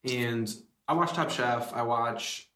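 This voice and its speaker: Laid-back podcast host in a roomy space. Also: male voice, mid-range voice, takes it slowly, slight background noise. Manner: relaxed, loose, lots of "like" and "yeah". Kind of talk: casual interview chat. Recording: roomy echo.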